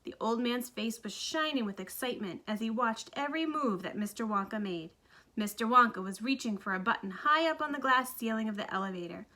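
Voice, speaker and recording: A woman reading a children's book aloud with lively, expressive narration. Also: medium pitch. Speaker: storybook reader.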